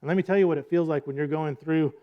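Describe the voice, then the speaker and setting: A man's voice: fairly high pitch, fairly even intonation, fast talker, muffled recording. A man preaching a sermon in a conversational way, often checking in with "right?" and acting out quotes. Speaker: pastor.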